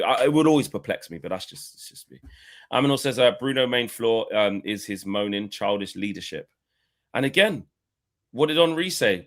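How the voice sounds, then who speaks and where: A man talking football on a live stream. He is animated and swears freely. His voice sits mid-range and turns loud and high when he acts out players shouting. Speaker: football podcast co-host. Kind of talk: casual live-stream reaction chat.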